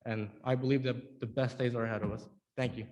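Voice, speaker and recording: A young man from Georgia giving earnest, emotional testimony to a legislative committee, with halting repeats. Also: medium pitch, flat delivery, darkish tone, long reverb tail. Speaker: public witness. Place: hearing room.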